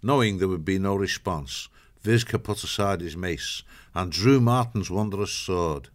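Deep-voiced man narrating an audiobook. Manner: measured, steady storytelling. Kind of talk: scripted narration.

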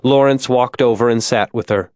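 A man reading a suspense audiobook aloud in a steady, measured storytelling voice. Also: mid-range voice, clear, resonant tone, no room sound, clean studio sound. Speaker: audiobook narrator. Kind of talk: scripted narration.

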